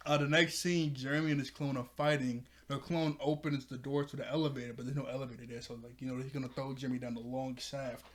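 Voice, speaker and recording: A man's voice: medium pitch, fairly even intonation, fast talker, few pauses, a little hiss or hum. A man casually recapping a cartoon episode. He rambles, repeats himself and laughs a lot.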